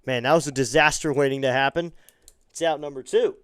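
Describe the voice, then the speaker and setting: A man's voice: fairly quick, smooth, no echo. A man calling baseball play-by-play as a fan streamer, his voice climbing sharply when a play develops and dropping into chatty asides to viewers. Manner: rises sharply in pitch and volume on exciting plays. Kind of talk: amateur play-by-play commentary.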